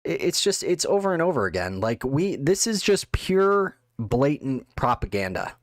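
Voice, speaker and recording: A man's voice: mid-range voice, very animated, moderate pace, no echo. A man delivering an angry, contemptuous political rant, full of insults. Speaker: political commentator. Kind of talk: ranting monologue.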